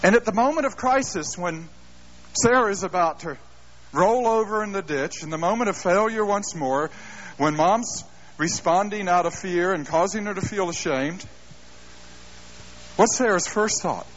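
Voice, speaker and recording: A middle-aged man preaching a sermon, telling stories with self-deprecating humor and an animated delivery. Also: sits high, moderate pace. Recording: dull lo-fi live sermon tape.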